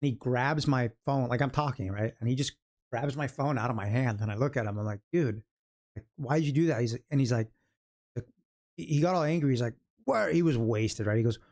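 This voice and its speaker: Mid-range, a little fast, and darkish in tone, the voice belongs to a middle-aged American from California running a trading livestream. Loose and jokey, he rambles into stories and laughs at his own remarks.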